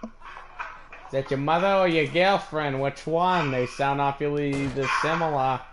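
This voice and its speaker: A man's voice: fairly high pitch, fairly even intonation, unhurried. A man streaming an online shooter match, chatting casually with a friend, boastful and full of joking trash talk. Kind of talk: casual gameplay chat. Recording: clear background noise.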